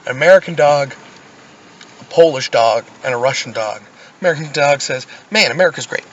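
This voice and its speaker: A man's voice: medium pitch, normal speed, muffled recording. A man co-hosting a podcast, telling jokes in a loose, profane, rambling way. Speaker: podcast co-host. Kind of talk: casual chat, telling jokes.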